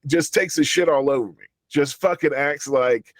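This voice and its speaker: A man's voice: fairly high pitch, normal speed, dry recording. A man telling a story in casual chat, profane and heated, often laughing through his words. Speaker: show regular.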